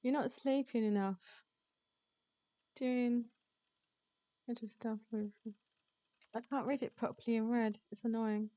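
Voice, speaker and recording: A woman VTuber reading a visual novel aloud on stream, chatty and quick to laugh. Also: on the high side, fairly even intonation, mellow, no room sound, dull audio. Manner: chatty, reads game text aloud, laughs often. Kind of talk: live-streamed visual novel read-along.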